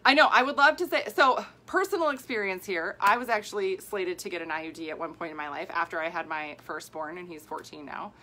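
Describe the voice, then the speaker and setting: A bright, forceful-sounding woman in her forties hosts a casual live video on women's health. She talks in an animated, worked-up way, laughing often and acting out what other people say. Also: lowish voice, brisk, few pauses. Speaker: women's health coach and host. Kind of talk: casual live video answering viewer comments.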